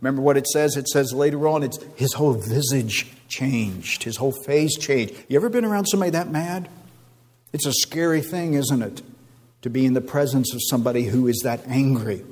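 A man's voice: mid-range voice, brisk, darkish tone, long reverb tail. A man preaching a sermon with an emphatic, repetitive cadence.

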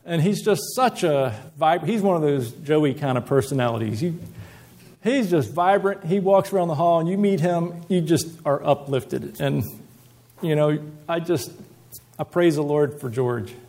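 Gravelly-voiced male preacher. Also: a little high, lively intonation, a little slow, darkish tone. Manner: conversational, earnest, reads scripture aloud. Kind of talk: sermon.

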